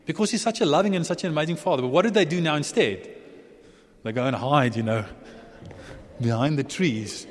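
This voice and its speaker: A man preaching a sermon in a relaxed, chatty way, often restarting and chuckling. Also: a little high, fairly quick. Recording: long hall reverb.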